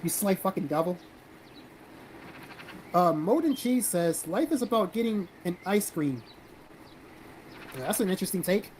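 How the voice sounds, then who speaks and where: A South Carolina man hosts a casual livestream, reading viewer comments out loud and replying bluntly with lots of swearing. His voice sits high with a darkish tone, and the rough recording carries a faint hiss or hum.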